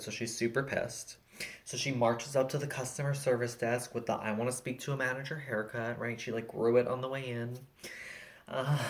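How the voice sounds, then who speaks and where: A young man with a high voice tells self-deprecating stand-up at home, peppering every line with likes and you-knows. He talks into a laptop on a video call, and the sound is casual and chatty. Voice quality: high-pitched, often mistaken for a woman. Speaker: stand-up comedian. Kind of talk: stand-up set.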